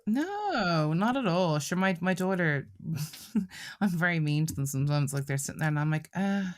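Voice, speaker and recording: Guest, woman in her 40s, deep register, blunt and bawdy, quick laughs. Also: animated, no room sound, clean studio sound. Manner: frank, profane storyteller who laughs often. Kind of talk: casual podcast chat.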